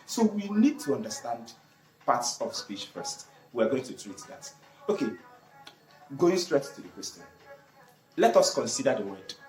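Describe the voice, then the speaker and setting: An English teacher explains grammar with a lively, swooping pitch and repeats the key words. The teacher asks questions and answers them. The voice sounds roomy and echoey, with faint music underneath. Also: a little slow, long pauses. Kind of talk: online grammar lesson.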